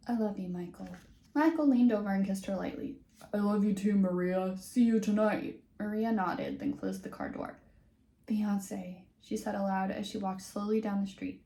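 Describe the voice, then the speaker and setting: A woman's voice: mid-range voice, darkish tone. Young woman, casual book reader, dry sarcastic commentary, room echo. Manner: wry, sarcastic asides. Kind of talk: reading a teen novel aloud with commentary. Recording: roomy echo.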